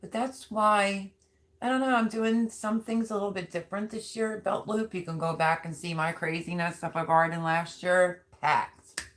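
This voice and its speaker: A woman's voice: mid-range voice, steady tone, moderate pace, a bit bright. A middle-aged woman chatting casually on her home livestream, reading viewer comments aloud in a rambling way with many ums. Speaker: livestream host.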